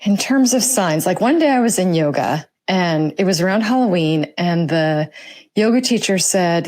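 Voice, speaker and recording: A woman's voice: lowish voice, animated, moderate pace, a little mellow. A woman writer telling a personal story about signs from the spirit world, reflective and acting out what others said. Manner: reflective, acts out quoted voices.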